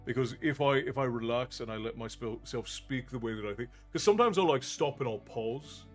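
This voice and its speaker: This Newfoundland-born streamer, a middle-aged man, talks at an average pitch in a casual, halting way, stopping to think and frequently starting over. He's chatting with viewers in live chat over light background music, his Americanized accent carrying hints of Newfie.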